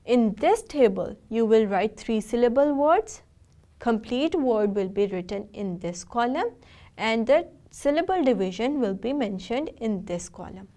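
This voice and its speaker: A woman's voice: fairly high pitch, expressive, warm tone. Patient woman teaching a lesson. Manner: patient, instructive, speaks directly to students; spells out words slowly. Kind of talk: recorded video lesson.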